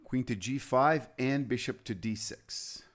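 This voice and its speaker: Chatty male chess commentator, mid-pitched. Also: measured pace. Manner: rambling and chatty, with anecdotes between moves. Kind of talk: live broadcast commentary.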